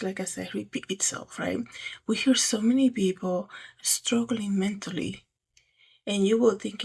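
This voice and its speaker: A woman talks casually about faith as a host, in a rambling, conversational way. Her voice sits a little high, with a gravelly edge and a husky, breathy texture. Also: darkish tone. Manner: chatty, rambling, frequent "right?" and "you know". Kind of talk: casual faith talk to camera.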